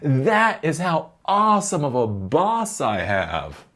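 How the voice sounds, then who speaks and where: Man putting on a chirpy clueless office guy, voice pushed up high. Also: wildly swooping pitch, slow pace, fairly bright tone, heavily acted. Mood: oblivious cheer. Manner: chirpy, self-satisfied. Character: naive cheerful male office employee, oblivious.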